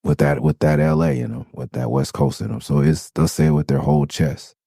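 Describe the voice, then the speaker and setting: A middle-aged podcast host from Los Angeles rambles through a story in a very low, gravelly voice, swearing freely and restarting his sentences. His tone is dark and mellow, recorded close and dry with no room sound. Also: big pitch swings, a little fast, no echo. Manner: loose, profane, rambling with restarts. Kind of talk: casual storytelling monologue.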